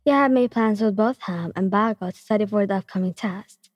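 A young woman softly narrating a second-person ASMR fan story in an even reading voice. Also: medium pitch, a little fast. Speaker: fanfiction reader. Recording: long reverb.

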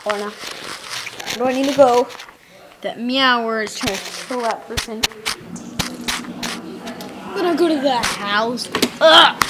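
Woman gamer, excitable commentary with bursts of yelling, slow delivery, noisy recording. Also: on the high side. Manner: excitable, repeats exclamations, sudden yells. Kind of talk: let's-play game commentary. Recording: clear background noise.

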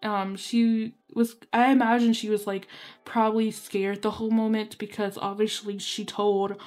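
A woman's voice: mid-range voice, flat delivery, moderate pace, darkish tone. Young woman gaming creator, rambling, filler-heavy storyteller who keeps apologizing. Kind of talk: casual storytelling while playing.

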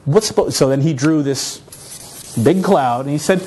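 Lively man from north america telling a work story on stage, fairly high voice, pokes fun at himself. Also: normal speed. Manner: animated, self-mocking, casual swearing. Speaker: conference speaker. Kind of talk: storytelling conference talk.

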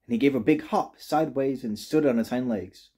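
A man reading a children's storybook aloud with gentle, expressive narration. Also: mid-range voice, brisk, husky. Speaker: reader.

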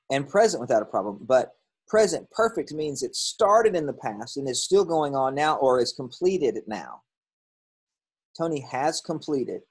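A male teacher walks through a grammar lesson in a casual, explanatory voice. His tone is a little husky, and he pauses on frequent ums and catches his own slips. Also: mid-range voice, low-quality recording. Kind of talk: recorded classroom lesson.

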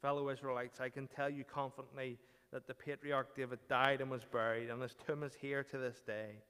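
A man preaching with dramatic, emphatic phrasing, his voice smooth and resonant. The sound carries a long reverb from the church around him. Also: medium pitch, flat delivery, fairly quick, a bit bright. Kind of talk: sermon.

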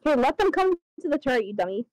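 Excitable young woman gaming on stream. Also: sits high, fast, no room sound, rough recording. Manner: laughing, swearing, excitable. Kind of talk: casual gaming chat.

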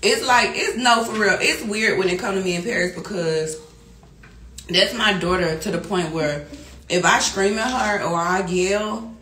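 A middle-aged woman talking casually on a livestream, loud and animated, laughing often. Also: medium pitch, normal speed, a little hiss or hum. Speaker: livestream host. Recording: echoey room with music behind.

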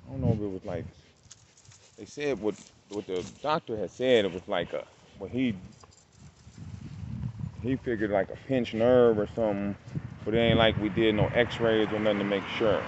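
A man talking casually to the camera while working his dog outdoors, halting and fumbling over his words, with bursts of cooing praise for the dog. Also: lowish voice. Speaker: dog owner and breeder. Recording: dull lo-fi camera audio with faint outdoor noise.

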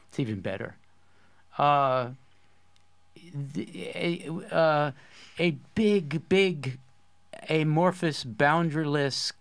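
A man's voice: mid-range voice, a bit bright, clear, resonant tone. A man hosting a poetry course discussion, explaining ideas with eager enthusiasm in a casual academic way.

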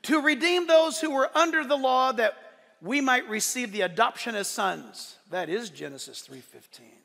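A man preaching a sermon to his church, animated and swinging from loud declarations to soft, joking asides. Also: very high-pitched, moderate pace, gravelly, long reverb tail. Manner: playful, joking asides to the congregation. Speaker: pastor. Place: church service.

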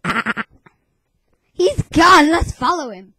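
A woman's voice: high-pitched, lively intonation, slow, sharp tone, a little hiss or hum, rough recording. A woman hosting a homemade webcam show in a playful, rambling way, often dropping into a whisper. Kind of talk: casual webcam chatter.

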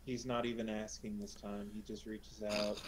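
A man playing a tabletop game in casual chat, blunt and quick to swear. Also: fairly low pitch, flat delivery, a little hiss or hum, rough recording.

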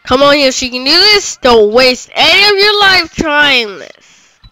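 Male gamer, high bright voice, unhurried, excitable and frustrated with the game. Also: low-quality recording. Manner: excitable, groans and yells at the game. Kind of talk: let's play commentary.

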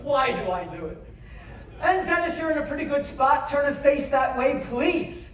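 A male variety performer with an extremely high voice and big pitch swings does live comedy patter at normal speed, joking with the crowd and cheering loudly. He's in a large cruise ship theater, recorded from far off in the echoey space with audience noise.

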